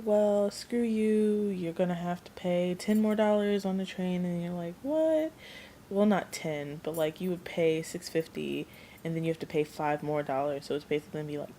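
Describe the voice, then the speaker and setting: A young adult woman tells a rambling, chatty story for a casual vlog, acting out the people she quotes. Her voice is fairly low, gravelly and warm, with a little hiss or hum in the recording.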